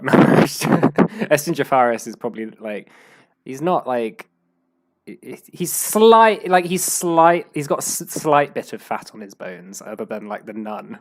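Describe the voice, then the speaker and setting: A man's voice: on the high side, creaky. A man acting as game master, describing the game world in a rambling way with many restarts. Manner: rambling, full of fillers and restarts.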